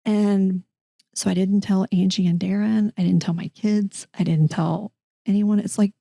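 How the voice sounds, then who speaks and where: A middle-aged woman, a guest telling a personal story in an interview, animated and voicing the people in her story. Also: medium pitch, unhurried, creaky, dry recording. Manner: animated, acts out quoted dialogue, frequent restarts. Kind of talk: conversational storytelling.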